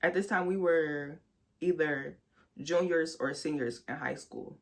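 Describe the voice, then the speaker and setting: A young woman recounts a painful chapter of her life on her vlog, swearing freely and addressing viewers as if they were friends. When she is indignant her voice jumps high and loud. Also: a little slow. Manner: candid, profane storytelling that addresses viewers directly; bursts into loud, high outbursts when outraged. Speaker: vlogger. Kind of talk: storytime vlog.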